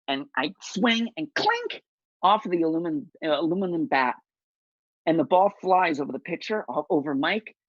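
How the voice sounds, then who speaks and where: A man with a gravelly, creaky voice tells a funny personal story, his pitch leaping up and down as he mocks himself. He is heard over a video call with dull, muffled sound and no room echo. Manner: animated, self-mocking storytelling with big swings in voice.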